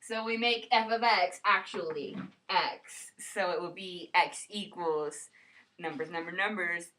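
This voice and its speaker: A woman's voice: lowish voice, measured pace, bright, forceful tone. A woman co-hosting a playful homemade math lesson skit, rambling and stumbling over the math terms as she explains.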